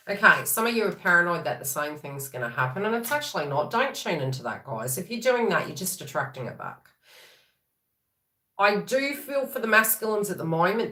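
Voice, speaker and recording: A woman giving a casual spiritual reading, animated and chatty, often acting out quoted thoughts in little voices. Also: lowish voice. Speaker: tarot reader. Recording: echoey room.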